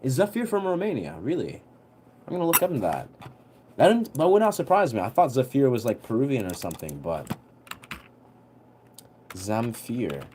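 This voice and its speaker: A young man telling a story on a livestream in a relaxed, rambling way, full of fillers. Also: mid-range voice, fairly quick, a little hiss or hum. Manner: rambling, heavy on fillers, laid-back.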